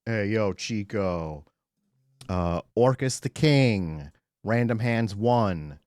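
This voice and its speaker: A man streaming live, chatting casually and excitably with his chat, swearing often and greeting viewers by name. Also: fairly low pitch, takes it slowly, very noisy.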